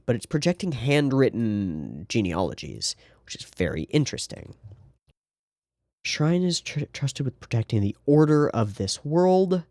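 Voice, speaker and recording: A man's voice: fairly low pitch, darkish tone, no echo, studio quality. A man hosting an anime reaction, talking through the episode in a casual, sarcastic way with rambling asides.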